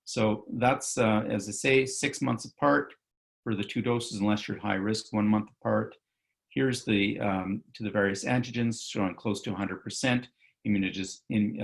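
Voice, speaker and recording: A man's voice: fairly low pitch, creaky. A male physician giving an online medical lecture over slides, talking loosely with many fillers and self-corrections.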